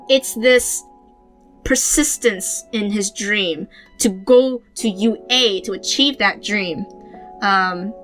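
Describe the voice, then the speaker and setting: A woman's voice: a little high, measured pace, a bit bright, soft background music. A woman hosting a podcast, talking through manga panels in a casual, rambling way with many fillers and restarts. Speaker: podcast host. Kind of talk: casual manga analysis chat.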